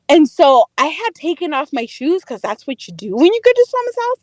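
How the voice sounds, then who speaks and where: Talking a little fast with few pauses, a young woman co-hosting a podcast as its dating correspondent shares a story in casual chat. Her high pitch rises and falls with every turn, she swears freely and laughs as she goes, and the sound is close and dry with no room sound.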